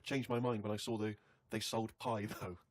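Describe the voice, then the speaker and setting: A man's voice: on the low side, flat delivery. A man hosting a studio chat, reading a diary aloud in a teasing way and often breaking into laughter. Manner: teasing, quick, bursts into laughter. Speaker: host. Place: radio studio.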